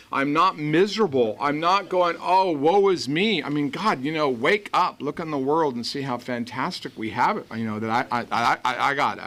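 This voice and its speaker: A man from Los Angeles giving a personal recovery testimony, telling his story in an earnest, animated way and acting out the voices of people he quotes. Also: a little high. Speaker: recovery meeting speaker.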